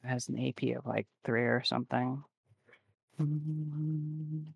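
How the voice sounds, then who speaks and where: A man with a gravelly, fry-edged voice, talking through his turn in a tabletop game. He speaks at a middling pitch and makes dry, wry asides. The sound is close and dry, with no room echo. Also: fairly even intonation, takes it slowly, dull audio. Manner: dry, wry asides about dice rolls. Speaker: player. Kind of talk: tabletop role-play, playing a character.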